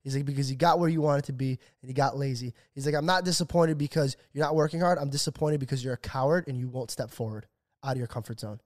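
A young man in his twenties talks fast and loose on a podcast mic, his voice sitting at an ordinary middle pitch. He tells his story with animated swearing and puts on the voices of the people he quotes. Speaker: podcast co-host. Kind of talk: casual podcast chat.

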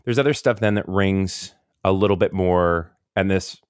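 A man in casual podcast chat, rambling and interrupting himself with quick laughs. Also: low voice, clear, resonant tone, no room sound, clean studio sound. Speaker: podcast co-host.

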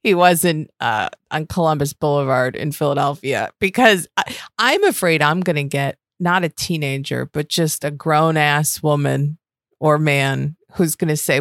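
Low-voiced woman in casual chat. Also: moderate pace, no room sound, clean studio sound. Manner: storytelling, candid and profane. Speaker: podcast co-host.

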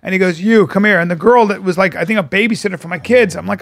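Middle-aged male co-host, high raspy voice, profane, animated storyteller in a podcast studio. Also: quick pace. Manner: animated, profane storyteller who acts out quotes. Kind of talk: casual chat.

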